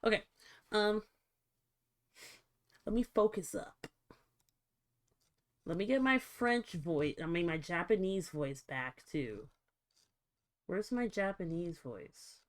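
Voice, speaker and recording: A woman streamer chatting casually to her viewers, swearing freely and reacting out loud while she fiddles with settings. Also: on the low side, expressive, slow, long pauses. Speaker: livestreamer. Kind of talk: casual livestream chat.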